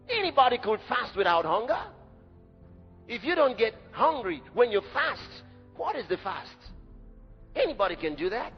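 A man preaching a sermon in an emphatic, dramatic way, rising at times to a shout. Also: extremely high pitch, big pitch swings, moderate pace. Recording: dull lo-fi recording in a reverberant hall with faint music.

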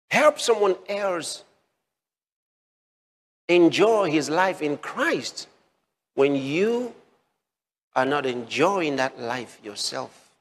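A man preaching a sermon slowly, repeating key phrases for emphasis with drawn-out pauses. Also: on the high side, breathy edge. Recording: long hall reverb.

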